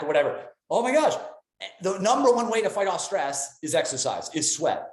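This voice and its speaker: Pumped-up middle-aged guy doing a motivational talk, kinda high voice, echoey room. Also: moderate pace. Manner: enthusiastic, animated, jumps between voices for quotes. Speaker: motivational speaker. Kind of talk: energetic motivational talk on a live call.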